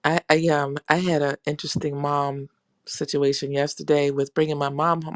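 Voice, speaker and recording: A woman in her fifties with a somewhat low voice, recorded close and dry with no room around it. She chats casually over a video call and tells a funny family story, laughing often between her words. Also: flat delivery, normal speed, no echo. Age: 50s.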